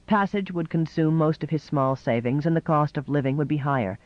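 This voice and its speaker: A man reading a novel aloud in measured, scripted narration. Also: a little high, dry recording, muffled recording. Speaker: audiobook narrator.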